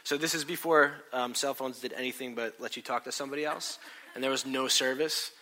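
A middle-aged man telling a personal story in a sermon, animated and self-mocking, acting out what people said. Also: medium pitch, brisk.

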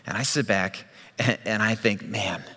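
A man's voice: lowish voice, normal speed, sharp tone, long reverb tail. A man preaching a sermon as pastor, in a conversational, storytelling way with frequent restarts.

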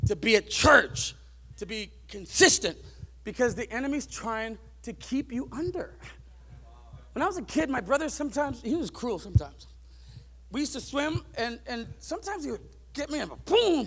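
A man preaching a sermon to his church, moving from soft, musing talk to loud, driving peaks. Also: very high voice, gravelly. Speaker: pastor.

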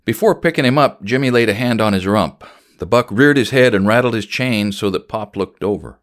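A man reading a story aloud in a measured, storytelling voice. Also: fairly low pitch. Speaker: narrator. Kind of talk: audiobook narration of a memoir-style story.

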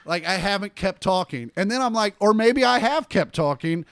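A man's voice: sits high, moderate pace, clean tone, no room sound. A middle-aged male comedian telling stories in casual podcast chat, acting out the voices of the people in them. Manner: animated storyteller acting out quotes.

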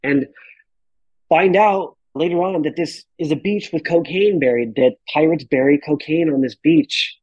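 A man in his thirties, a podcast guest, telling a wild travel story in an animated, casual way and swearing freely. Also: fairly high pitch, unhurried, no echo, dull audio.

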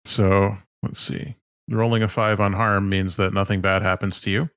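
A man running a tabletop game as game master, his voice sitting low. He walks through rules and action with easy, halting explanations. The sound is dull and dry, like an online call. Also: flat delivery, fairly bright tone, clean tone, no echo.

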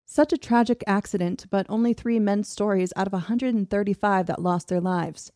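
Woman host, warm dark tone, steady scripted read, dry studio sound. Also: mid-range voice, moderate pace, dry recording. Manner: steady storytelling with laughs between. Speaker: podcast host. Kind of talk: reading a history script with banter.

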